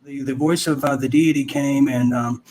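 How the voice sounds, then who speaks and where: A man's voice: mid-range voice, fairly even intonation, normal speed. A man in his thirties hosting, telling a personal story in a rambling way with many restarts and asides. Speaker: host. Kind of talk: casual storytelling.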